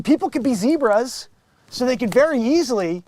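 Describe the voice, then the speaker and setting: A man's voice: extremely high pitch, animated, normal speed, a little mellow, dry recording. A middle-aged man from Connecticut hosting a show, delivering a sarcastic, swearing comic rant. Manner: sarcastic, swearing, drifting into bits. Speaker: show host. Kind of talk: ranting comic monologue.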